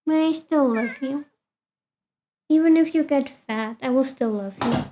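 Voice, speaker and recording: A woman with a high voice chats casually with her stream viewers. She is talkative and relaxed, and she turns to talk fondly to her cat. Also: unhurried.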